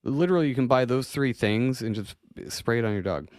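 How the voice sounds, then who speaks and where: A man's voice: medium pitch, animated, a little fast, no echo, studio quality. A man hosting a casual podcast chat. He is loose and profane, laughs often and reads news articles aloud. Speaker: podcast host.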